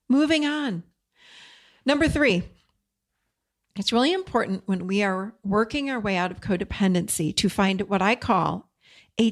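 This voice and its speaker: A woman hosts a podcast in a loose, conversational teaching monologue, speaking plainly and directly to her listeners. Her voice sits in a middle pitch range for a woman. She drops into short acted-out bits of dialogue as she talks. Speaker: podcast host.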